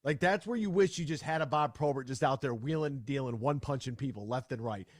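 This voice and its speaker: Into a studio microphone, a man with a mid-range voice hosts a sports talk radio show. He rants in a fired-up way with quick, repeated restarts, and the recording is dry.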